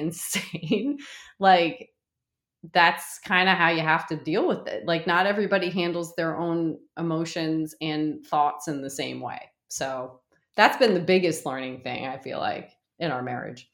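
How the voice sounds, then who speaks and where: A woman's voice: deep voice, moderate pace, a bit bright. A woman in her thirties chatting casually and animatedly about marriage and parenting, laughing often. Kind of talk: casual chat. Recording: echoey room.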